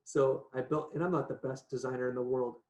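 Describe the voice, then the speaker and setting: Male guest, mid pitch, animated casual storyteller, echoey video call audio. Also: quick pace. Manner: chatty, animated, laughs often, says "right?" a lot. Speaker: podcast guest. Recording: echoey room.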